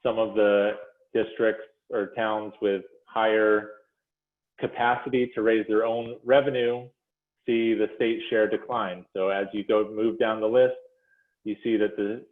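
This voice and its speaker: A man presenting figures to a commission in a measured, explanatory way, with frequent fillers and self-corrections, speaking over a video call. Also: lowish voice, level tone. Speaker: presenter to a school funding commission. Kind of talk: policy presentation walking through slides. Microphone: video call audio. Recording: phone-like echoey video call audio.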